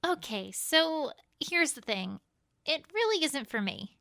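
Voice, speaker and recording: A woman's voice: high voice, big pitch swings, slow pace, gravelly, sharp tone, dry recording, heavily acted. A woman voicing an earnest, fretful young unicorn mare who rambles nervously, in a fan audio drama. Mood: gentle.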